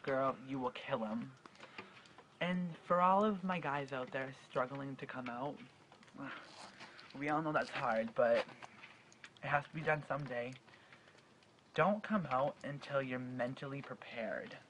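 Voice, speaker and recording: A man's voice: mid-range voice, measured pace, pauses often, fairly bright tone, slight background noise, poor audio. Earnest young man with a stutter. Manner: earnest, heartfelt, with stutters and restarts. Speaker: vlogger. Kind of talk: personal advice vlog.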